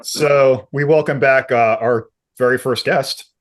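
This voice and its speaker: A man from Long Island hosts a casual podcast in a mid-range voice. He welcomes his guests warmly and takes his time, and his questions come out relaxed and friendly. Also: medium pitch. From Long Island, New York. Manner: friendly, unhurried, introducing guests. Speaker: podcast host.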